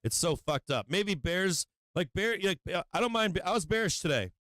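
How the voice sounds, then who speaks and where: A man hosting a live stock market stream from his home office, swearing constantly and talking in an agitated, rapid-fire way. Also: high voice, lively intonation, a bit bright, no echo. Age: adult with children. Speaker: stock market livestream host. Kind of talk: live market commentary to viewers.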